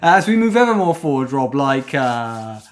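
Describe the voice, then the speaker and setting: Lively-voiced podcast co-host. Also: male voice, medium pitch, moderate pace. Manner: sweary, teasing, theatrical sign-offs. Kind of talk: casual comedy chat.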